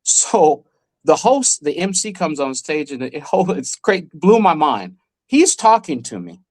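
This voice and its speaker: Animated storytelling man in his forties. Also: on the high side, unhurried. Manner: animated, vivid anecdote telling. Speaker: guest magician and former child actor. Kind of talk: casual podcast storytelling.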